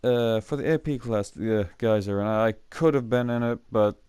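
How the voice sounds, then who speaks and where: Medium-pitched, a little mellow and clean, with no echo and a moderate pace, a student hosts his own show and tells wandering school stories to camera. He fills gaps with ums and chuckles while his mic cuts out.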